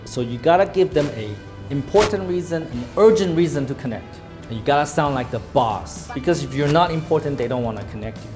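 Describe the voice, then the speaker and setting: A man's voice: fairly high pitch, a little fast, music in the background. A man giving a sales training lecture to a live class, emphatic and acting out phone calls in a commanding tone.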